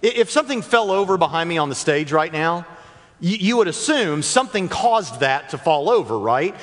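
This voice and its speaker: A man's voice: a little high, very animated, moderate pace, a bit bright. A man giving a talk to a live church audience from the stage, joking with the crowd and speaking directly to them. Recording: long reverb of a large hall.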